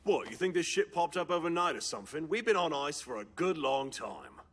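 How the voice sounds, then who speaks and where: A man's voice: a little high, sing-song, fairly quick, slightly rough. An actor playing a sarcastic, cynical male survivor in an English anime dub, mocking the others.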